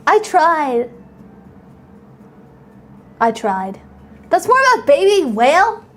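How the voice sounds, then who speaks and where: High-voiced bubbly woman streamer. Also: very animated, slow pace. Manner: bubbly, playful, reads and thanks chat, sometimes squeals. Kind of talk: casual live-stream chat.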